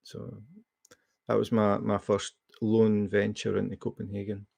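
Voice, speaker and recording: A man's voice: lowish voice, completely flat delivery, measured pace, creaky, darkish tone, breathy edge, dry recording. A man with a Scottish accent hosting a live chat, telling a rambling anecdote with plenty of fillers. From Scotland. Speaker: livestream host. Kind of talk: casual storytelling chat.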